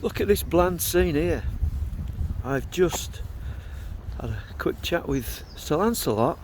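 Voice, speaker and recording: A man's voice: fairly high pitch, animated, takes it slowly, a little mellow, a little hiss or hum. A man, narrating his day in a casual vlog in a chatty, wry, self-mocking way. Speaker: vlogger.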